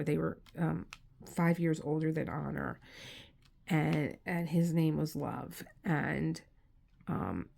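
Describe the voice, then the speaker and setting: A tired, low-energy woman chatting casually while doing a craft, rambling with many restarts and growing teary as she tells personal stories. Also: creaky, dark tone. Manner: rambling, restarts often, emotional storytelling. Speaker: crafting channel host. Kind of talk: casual chat while diamond painting. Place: home room.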